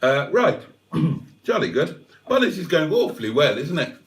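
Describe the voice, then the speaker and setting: A man's voice: on the high side, very animated, measured pace, distant mic. A man hosting a livestream, telling a wry, rambling story with self-mocking asides. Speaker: livestream host. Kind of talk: casual livestream chat.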